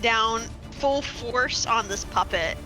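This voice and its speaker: A woman playing a tabletop game, describing her actions deliberately. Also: fairly high pitch, loud music behind the voice, rough recording. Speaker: player. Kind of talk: tabletop role-play.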